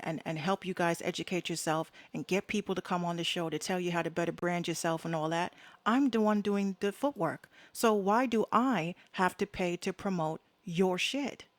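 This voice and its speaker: A woman's voice: lowish voice, no echo. A woman hosting her own podcast, giving blunt, fired-up opinions in slangy, frank talk with plenty of swearing. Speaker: podcast host. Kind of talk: casual solo talk.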